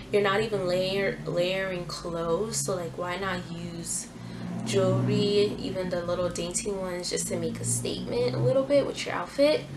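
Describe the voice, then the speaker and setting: Young woman, vlogger, casual haul chat, gushing, filler-heavy, mid pitch. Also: a little hiss or hum, low-quality recording. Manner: chatty, gushing, lots of "like" fillers. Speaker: fashion YouTuber. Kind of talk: casual try-on haul vlog.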